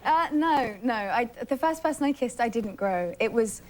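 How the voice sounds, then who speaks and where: A woman's voice: a little high, animated, normal speed, heavy background noise. A young woman with an English accent, a playful, giggly guest on a late-night talk show. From England. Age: young adult. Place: television studio with live audience.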